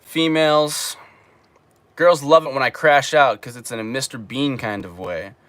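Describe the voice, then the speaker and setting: A man's voice: mid-range voice, a little slow, no room sound. A young man hosting a casual livestream, reading viewer questions and joking as he answers. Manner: relaxed and joking, reads viewer questions aloud. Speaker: livestream host reading chat. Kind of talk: casual live-stream chat. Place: home streaming room in Japan.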